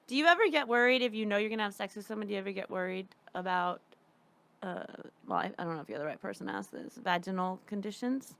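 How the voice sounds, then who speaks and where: A woman's voice: medium pitch, fast, gravelly, fairly bright tone. A woman co-hosting a comedy podcast, teasing her friend and giggling in casual chat. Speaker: podcast co-host.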